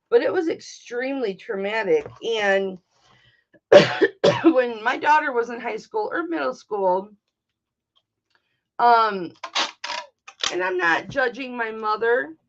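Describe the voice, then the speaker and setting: A middle-aged woman with a Michigan accent hosts a casual livestream, speaking slowly with a slightly high voice. She is blunt, emotional and profane. The audio is dull and lo-fi. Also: gravelly. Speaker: livestream host.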